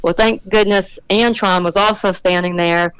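A middle-aged woman being interviewed on a podcast, telling an animated story about her racing and acting out the voices of the people in it. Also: mid-range voice, moderate pace, clean tone, no echo, low-quality recording. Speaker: drag racing motorcycle rider, guest.

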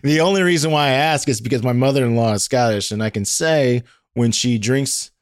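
A man hosting a podcast interview, energetic and enthusiastic, peppering his talk with "like". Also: mid-range voice, fairly quick. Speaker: podcast host.

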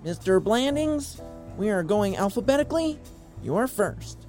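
A man's voice: sits high, big pitch swings, normal speed, darkish tone, faint music behind, voice pushed up. A man voicing a fussy male host who calls players to a poker game, prim and easily exasperated. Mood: officious.

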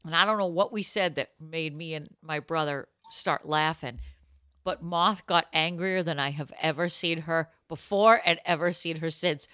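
A woman co-hosting a casual podcast, reading advice letters aloud and telling stories with animated, laugh-filled delivery. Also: sits low, normal speed, clean tone, no room sound, clean studio sound. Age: adult. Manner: animated, bursts into laughter and acted-out quotes. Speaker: podcast co-host.

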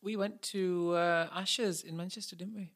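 A man's voice: sits high, fairly even intonation, normal speed, fairly bright tone. A man co-hosting a podcast in casual, playful chat, teasing and thanking listeners. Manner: playful, teasing, puts on silly accents. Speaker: podcast co-host.

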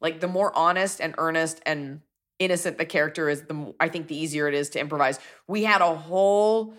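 A woman's voice: low-pitched, a little fast, fairly bright tone. A woman comedian hosting, reading ads and chatting casually with a self-deprecating manner. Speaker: comedian host. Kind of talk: podcast ad read and casual chat.

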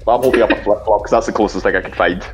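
A man's voice: on the low side, fairly even intonation, racing, faint music behind. A man on a quiz panel, joking and teasing the host in casual podcast banter. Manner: jokey and teasing.

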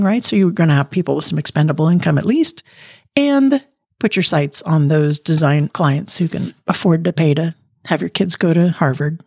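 A woman's voice: sits low, no echo. Chatty woman podcast host, close and dry. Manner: chatty, energetic, laughs often. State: losing her voice. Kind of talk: casual podcast monologue.

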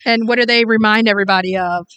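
A woman with a somewhat high voice co-hosting a casual podcast. She is playful and laughs often, chatting easily with her co-host. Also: steady tone, quick pace, a bit bright, smooth. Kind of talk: casual chat.

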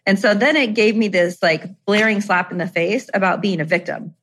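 A woman's voice: mid-range voice, normal speed, a bit bright. Chatty middle-aged woman telling stories. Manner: chatty, peppered with "like" and "you know, right?". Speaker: guest. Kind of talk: casual conversational storytelling.

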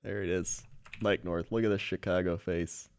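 A man's voice: deep voice, steady tone, normal speed. A man co-hosting a casual chat, laughing often and slipping into mock voices. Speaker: podcast co-host.

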